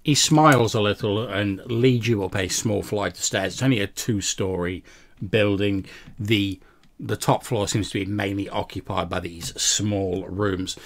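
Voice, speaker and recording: A man's voice: lowish voice, steady tone, unhurried. A man narrating a tabletop role-playing game as game master, describing scenes with frequent small restarts.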